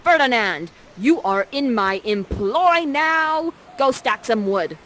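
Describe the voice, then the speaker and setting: A woman's voice: on the high side, lively intonation, pitched above the performer's own voice. Woman playing a grand scheming sorceress. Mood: commanding. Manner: slow, loud, grandly theatrical verse. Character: scheming sorceress mother Prospera, imperious and manipulative.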